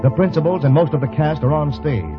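A man's voice: a little high, fast talker, lightly acted. A man narrating a 1930s radio serial in a dramatic, inviting way. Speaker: announcer and narrator. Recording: dull old radio recording with music.

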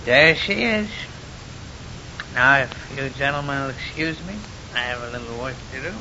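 An actor playing a cheerfully morbid morgue attendant in an old radio drama, joking in a folksy way. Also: male voice, medium pitch, normal speed, close to an everyday voice. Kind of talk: 1940s radio acting. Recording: dull, noisy old radio recording.

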